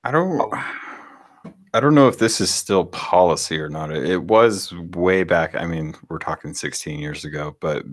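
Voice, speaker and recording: Deep-voiced rambling podcast man. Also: lively intonation. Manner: rambling, halting storyteller. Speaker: podcast co-host. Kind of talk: casual podcast storytelling.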